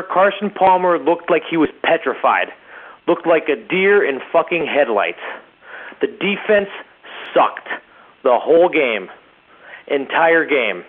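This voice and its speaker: A man calling in to a radio show, ranting with disgust and heavy profanity. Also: on the high side. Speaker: caller. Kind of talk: ranting voicemail. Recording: tinny phone line.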